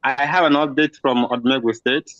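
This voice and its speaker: Man, donation reporter; mid pitch, hesitant, dry and muffled line. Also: steady tone, brisk, faint music behind. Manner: hesitant, many uhs. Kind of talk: reading out donations on a call.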